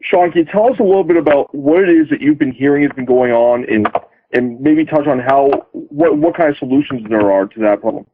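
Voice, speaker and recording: A man's voice: mid-range voice, brisk. A man hosting a poker talk show, putting pointed questions to his guests and steering the discussion. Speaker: host. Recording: tinny phone-like line.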